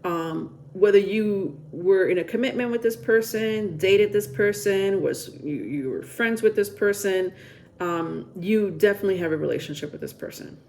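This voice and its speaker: A woman's voice: mid-range voice, moderate pace, darkish tone, slight background noise. A woman giving a casual tarot reading, chatty and rambling, with frequent filler words. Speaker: tarot reader.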